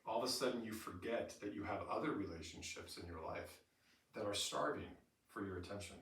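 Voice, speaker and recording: Brief: bright-voiced middle-aged male trainer, animated storyteller, recorded from across a roomy space. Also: lowish voice, a little fast. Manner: animated storyteller who acts out quotes with laughter. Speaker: staff trainer. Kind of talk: in-service training talk. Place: training room with an audience. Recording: roomy echo from far off, faint noise.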